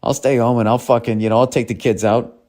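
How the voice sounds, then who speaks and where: A man's voice: mid-range voice, fairly even intonation, fast, a little mellow. A man hosting a comedy podcast, ranting in a profane, sardonic way and reading listener mail.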